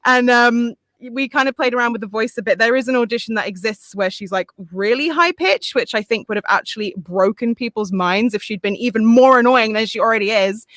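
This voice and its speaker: A woman's voice: fairly high pitch, brisk, few pauses, a bit bright, no room sound. A woman voice actress, chatting gushingly and enthusiastically on a panel over a video call. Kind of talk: casual panel chat.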